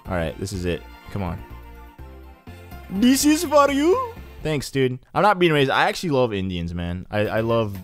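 A young man casually commenting on a racing game as he plays, rambling and chatty with sudden excited bursts. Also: lowish voice. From Egyptian heritage. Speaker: let's play host. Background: faint game music.

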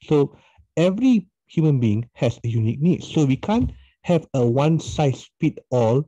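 A man's voice: on the high side, big pitch swings, a little slow, warm tone, husky, no echo. A man hosting a podcast interview, a math teacher, speaking hesitantly with many restarts. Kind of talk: casual interview chat. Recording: dull lo-fi dry sound.

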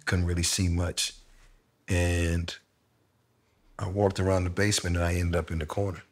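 A middle-aged man in a candid conversation, telling a personal story slowly and reflectively with casual slang. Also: low voice, level tone, breathy edge. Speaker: interviewee sharing a personal story.

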